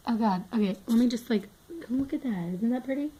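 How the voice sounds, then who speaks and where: A woman's voice: on the high side, normal speed, mellow, husky. Young woman, casual tour narration, chatty and rambling with lots of fillers and restarts. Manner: chatty, rambling, many fillers and self-corrections. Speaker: toy horse collector giving a barn tour.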